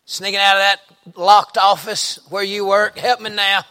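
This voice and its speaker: A man preaching a revival sermon, telling stories in a folksy way and rising into shouted exhortation. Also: sits high, flat delivery, moderate pace.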